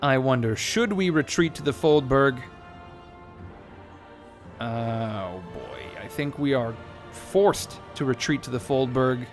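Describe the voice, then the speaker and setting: A man's voice: mid-range voice, expressive, slow, long pauses, soft background music. A man giving casual let's play commentary on a strategy game, sarcastic and joking, swearing and rambling as he plays. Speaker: gaming commentator.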